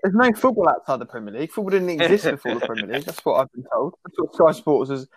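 A man's voice: fairly high pitch, animated, fast. A man co-hosting a podcast, rambling and wry with enthusiasm. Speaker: podcast co-host. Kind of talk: casual chat.

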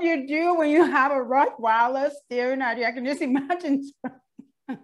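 Upbeat woman host, higher than average, excitable and chatty. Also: moderate pace. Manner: upbeat, enthusiastic, laughs often. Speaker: show host. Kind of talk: casual chat.

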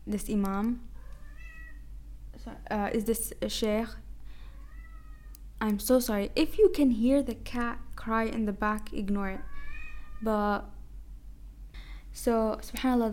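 A woman's voice: medium pitch, darkish tone. A young woman hosting a podcast, telling a personal story in a casual, chatty way, with Arabic religious phrases mixed into her speech. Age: young adult. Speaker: podcast host. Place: home, a cat heard nearby.

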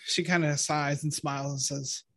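A man narrating a tabletop game as game master over a call, halting with many ums and small laughs. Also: fairly high pitch, little pitch movement, sharp tone.

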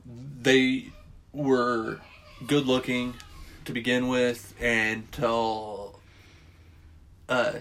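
A man's voice: medium pitch, little pitch movement, very slow, pauses often, a bit bright. A man in casual chat, recapping a film plot in a rambling way, swearing freely. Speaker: podcast co-host recapping a film.

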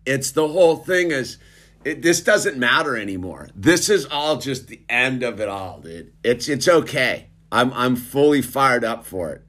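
A middle-aged commentator delivers a casual, sarcastic monologue that rambles and keeps restarting, often calling the listener "dude." His medium-pitched voice is animated and fairly bright, though he talks a little slowly.

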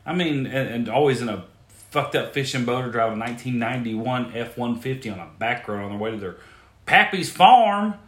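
A man's voice: mid-range voice, fast talker. A man hosting a podcast and riffing crudely on odd news stories, incredulous and swearing freely. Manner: crude, incredulous, animated outbursts. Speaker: podcast host. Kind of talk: profane comedic news riffing. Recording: roomy echo.

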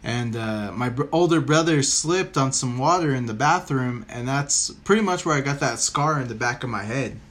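A man's voice: medium pitch, lively intonation, normal speed, hardly any pauses, a bit bright. A man hosting a podcast, telling a rambling story in casual chat and swearing freely. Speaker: podcast host.

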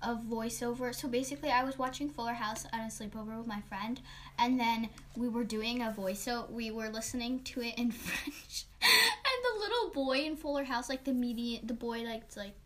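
A young woman chatting as a guest with her sister, giggly and quick to jump in. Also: on the high side, fairly bright tone, a little hiss or hum. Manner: giggly, interjecting, exaggerated retellings. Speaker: podcast guest. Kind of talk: casual chat.

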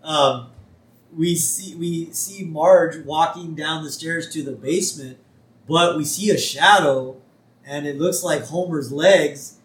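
Male co-host, easygoing and chatty, often laughs, a touch high, recorded in an echoey room. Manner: relaxed, laughs often, acts out lines in quick voices. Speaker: podcast co-host. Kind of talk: casual chat recapping an episode.

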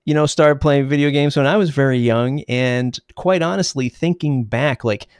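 Young male podcast host, mid pitch, friendly and easygoing, dry sound. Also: moderate pace, clean tone, no echo. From Boston area. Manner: friendly, easygoing questions with light laughs. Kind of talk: conversational interview.

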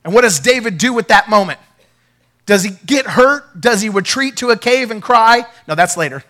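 A man preaching a sermon as pastor, animated and acting out the people in his story. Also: moderate pace. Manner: animated, acts out quoted voices; drops to a quiet, low storytelling tone.

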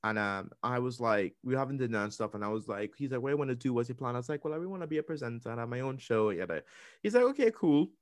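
A young man co-hosting a podcast, chatting in a lively way, acting out what people said and restarting his sentences. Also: mid-range voice, rapid-fire, no room sound. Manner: animated storytelling, acting out quotes with restarts. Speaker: podcast co-host. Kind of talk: casual interview chat.

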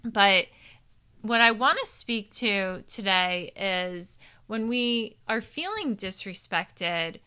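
A woman's voice: medium pitch, lively intonation, slow pace, sharp tone, smooth. A woman with a New Jersey accent giving a candid, casual self-help talk to her community, swearing now and then. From New Jersey, USA. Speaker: personal growth host. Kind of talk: casual monologue.

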